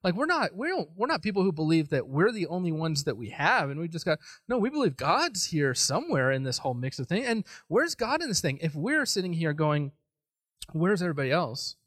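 Male pastor, sermon, high voice, very expressive pitch, self-deprecating storytelling. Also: fairly quick, hardly any pauses, dry recording.

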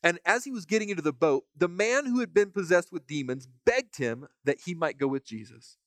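A man teaching from the Bible in a relaxed, conversational way, reading passages aloud and stopping to comment on them, often repeating a word as he starts a phrase. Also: sits high, fairly quick, dry recording. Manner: casual, repeats words when starting phrases; reads scripture aloud between comments. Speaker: preacher.

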